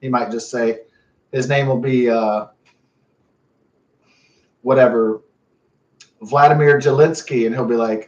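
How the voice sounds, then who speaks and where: A man's voice: mid-range voice, fairly even intonation, distant mic. Rambling man on a roomy, muffled mic. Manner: rambling, halting, lots of fillers and restarts. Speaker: vlogger. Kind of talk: rambling casual monologue.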